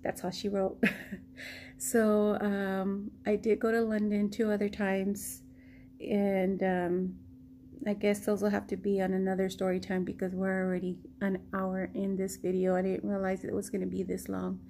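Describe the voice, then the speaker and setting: A woman from Texas telling a story in a slow, rambling way, with many pauses and ums. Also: medium pitch, monotone, mellow, slight background noise. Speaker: vlogger. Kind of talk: casual story time.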